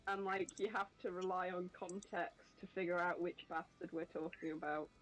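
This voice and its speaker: A woman's voice: lowish voice, steady tone, normal speed, fairly bright tone, poor audio. A woman co-hosting a drawing stream, explaining things in a dry, wry way. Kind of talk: casual stream chat.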